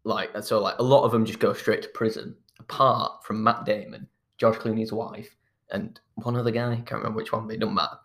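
A man's voice: fairly low pitch, fairly even intonation, brisk, fairly bright tone. A man in casual chat, retelling a film plot in a rambling way, restarting his sentences and chuckling as he goes. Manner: rambling, restarts often, chuckles while telling.

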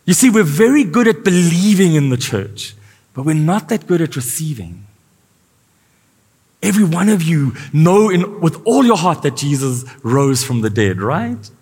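Animated man preaching in a hall. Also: on the high side, unhurried, breathy edge. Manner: animated preaching, questions to the congregation. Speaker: pastor. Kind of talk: sermon. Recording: live church sound with long reverb.

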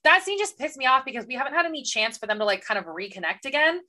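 Young woman co-host, quick and bright, venting at a fast clip. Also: high-pitched, expressive. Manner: quick, exasperated venting, acts out characters' lines. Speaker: podcast co-host. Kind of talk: casual book chat.

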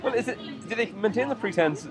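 Fast-talking Irish man, casual. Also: high voice, lively intonation, over a noisy crowd. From Ireland. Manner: quick, jokey, swears casually. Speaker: podcast co-host. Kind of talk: casual chat.

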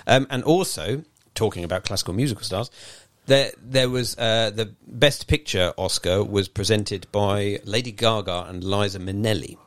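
Rambling low-voiced man. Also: normal speed, few pauses, dry recording. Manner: rambling, hesitant, many fillers. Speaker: podcast co-host. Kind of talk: casual chat.

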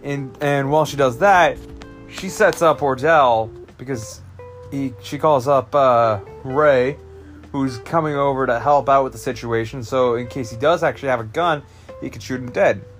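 A man at an ordinary mid pitch talks through a film's plot in a loose, casual way. He rambles, restarts his sentences and leans on fillers. Faint guitar music plays quietly behind him. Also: normal speed. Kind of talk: casual movie recap.

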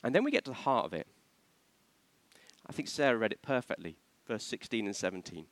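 A man's voice: mid-range voice, wildly swooping pitch, fast talker. A man preaching a sermon, asking the congregation questions and acting out the voices he quotes.

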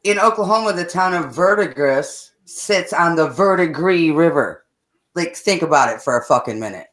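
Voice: mid-range voice, moderate pace, reverberant. A podcast co-host in casual chat, telling stories animatedly and swearing freely. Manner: animated, profane storyteller.

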